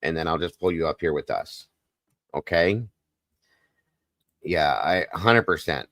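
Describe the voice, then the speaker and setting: A man hosting a live stream, talking softly and consolingly to viewers in the chat. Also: very deep voice, unhurried, dry recording, studio quality. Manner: soft, consoling, emotional. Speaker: livestream host.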